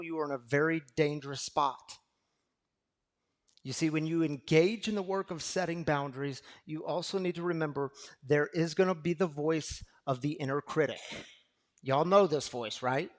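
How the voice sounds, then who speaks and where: Pastor guy preaching, kinda high voice, chatty, asks the crowd stuff, goes loud then quiet. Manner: conversational preaching with questions to the congregation; shifts from loud emphasis to soft, hushed storytelling. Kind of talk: sermon.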